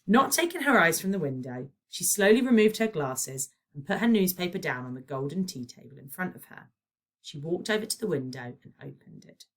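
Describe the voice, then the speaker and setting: A woman with a British accent, a primary school teacher, reading a children's novel aloud with expressive storytelling. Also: fairly low pitch, a little fast. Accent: British English.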